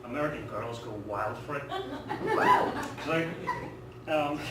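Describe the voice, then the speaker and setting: A man's voice: fairly high pitch, huge pitch swings, takes it slowly, a loud crowd. A man with a Northern Irish accent doing a stand-up routine, rambling through his stories with lots of fillers. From Northern Ireland. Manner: rambling, self-deprecating storytelling with many fillers. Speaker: stand-up comedian. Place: comedy club stage. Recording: roomy, distant, noisy live room. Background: audience laughter.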